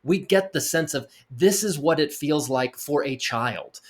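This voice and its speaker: A man's voice: a little high, expressive, unhurried. A middle-aged man co-hosting a movie review podcast, retelling scenes with energy and acting out the lines. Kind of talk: casual film discussion.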